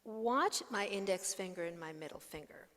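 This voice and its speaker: A woman's voice: medium pitch, normal speed, fairly bright tone, long reverb tail. A woman teaching ukulele over a video call, patiently explaining step by step and humming and counting along. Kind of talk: online music lesson.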